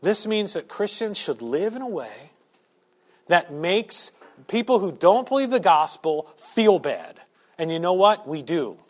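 A pastor preaching a sermon to his church, shifting from quiet asides to loud, emphatic points. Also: high voice, big pitch swings, a little slow. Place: church sanctuary.

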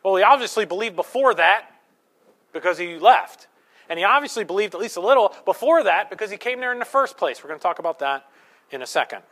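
A male pastor delivering a sermon with a slightly high pitch. He talks to the congregation in a loose, conversational way. He slips in jokes and acts out the characters he quotes. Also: lively intonation, quick pace, a bit bright. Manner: conversational, playful asides and acted quotes.

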